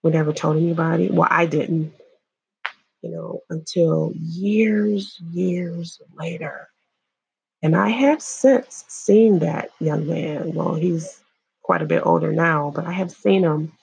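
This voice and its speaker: A woman from Illinois giving earnest personal testimony, halting and repeating herself as she speaks to viewers. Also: low-pitched, fairly even intonation, vocal fry, darkish tone, breathy edge, no echo, dull audio. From Illinois, USA. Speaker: survivor sharing her story.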